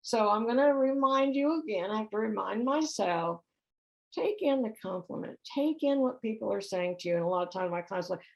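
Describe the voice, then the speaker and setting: A woman's voice: fairly high pitch, expressive, fairly quick, creaky, low-quality recording. A middle-aged woman giving a conversational talk about relationships, often putting questions to her audience. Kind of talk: spiritual center talk.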